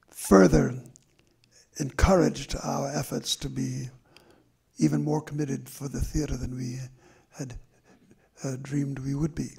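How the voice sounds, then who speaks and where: An older man with a gravelly, rough-edged voice tells stories from his own life at a live stage talk. His tone is heavily husky and worn, and he moves slowly and thoughtfully through his memories with long pauses. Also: mid-range voice, a little mellow. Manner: slow and reflective, with drawn-out pauses. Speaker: memoir author in conversation. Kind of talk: reflective storytelling at a live talk. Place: stage event before an audience.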